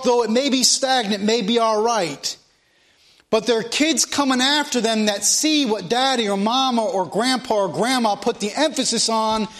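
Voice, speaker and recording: A man preaching a Sunday sermon in a high-pitched voice, stressing each point by saying it more than once. Between his own words he reads scripture aloud in the old King James phrasing. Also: fairly bright tone. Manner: preaching with emphatic repetition, reading scripture aloud. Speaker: pastor.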